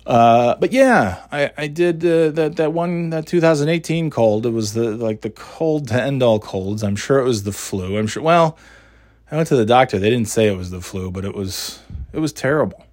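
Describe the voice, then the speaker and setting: His throat still scratchy after an illness, this middle-aged podcast host rambles alone on his casual show, poking fun at himself and swearing offhandedly. He has an expressive, mid-range voice with a darkish tone and moderate pace, recorded dry and clean in a studio.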